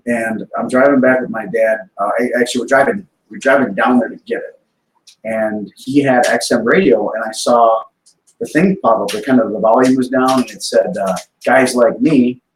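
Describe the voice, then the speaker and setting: A man's voice: mid-range voice, normal speed. Casual male guest, rambling and chatty, heard from far off in an echoey room. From Wisconsin. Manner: rambling storyteller, many restarts. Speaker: podcast guest. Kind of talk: casual chat. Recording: echoey remote call with faint noise.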